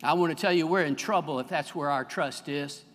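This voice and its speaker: A high-pitched man, preaching a fervent sermon to his church. His voice is bright and penetrating. It rings with the long reverb of a large sanctuary, and it climbs in force on the key lines. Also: brisk, a little hiss or hum. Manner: fervent preaching, swelling louder on key phrases. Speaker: pastor.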